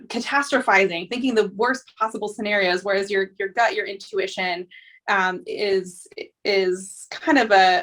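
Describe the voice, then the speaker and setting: A woman's voice: medium pitch, fairly bright tone. Woman, podcast host, casual conversation, reflective, thoughtful, frequent fillers.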